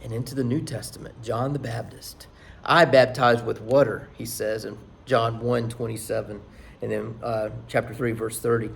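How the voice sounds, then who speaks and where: A man's voice: medium pitch, level tone, normal speed, gravelly, a little mellow. A male pastor delivering a sermon, reading scripture with rising force and dropping to near whispers for emphasis. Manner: emphatic preaching that rises for scripture quotes and drops to near whispers.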